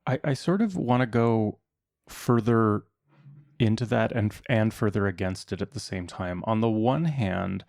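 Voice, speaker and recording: A man hosting a podcast, discussing a film deliberately and weighing both sides of an argument. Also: lowish voice, expressive, gravelly, a little mellow. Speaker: podcast host.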